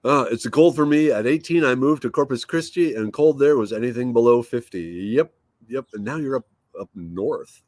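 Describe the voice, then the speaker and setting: A man's voice: medium pitch, fairly quick, a little mellow, no echo, studio quality. Easygoing man chatting with viewers. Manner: rambling, easygoing, thinks aloud with fillers. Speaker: livestream host. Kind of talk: casual chat, reading viewer comments aloud. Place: at home.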